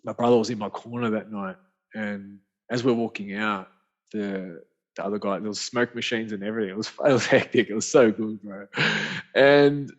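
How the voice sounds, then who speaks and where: Speaking a little fast in a lowish voice, an Australian man guesting on a podcast rambles through a story. He's casual and slangy, animated, and keeps restarting sentences. He's an author and speaker, and the audio is dull, lo-fi podcast quality.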